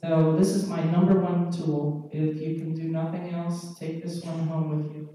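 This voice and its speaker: A woman pediatrician giving a measured, explanatory conference lecture and often checking in with the audience. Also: low-pitched, little pitch movement, dark tone. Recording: echoey hall, mic far off.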